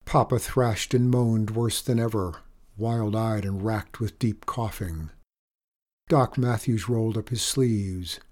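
A man reading a story aloud in an even, measured storytelling manner. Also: fairly low pitch. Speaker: narrator. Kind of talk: audiobook narration.

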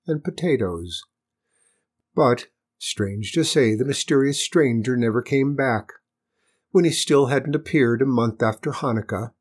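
A man reading a children's storybook aloud with expressive, lilting narration. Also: mid-range voice.

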